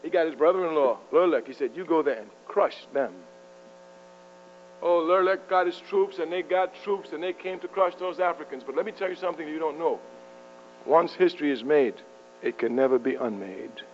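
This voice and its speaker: A man with a high, ringing voice gives a fiery political speech to a university crowd. He talks in sweeping rhetorical turns and chuckles at his own jests. The old archival tape sounds muffled, with a faint mains hum underneath. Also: a little fast. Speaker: public speaker addressing university students. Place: university lecture hall.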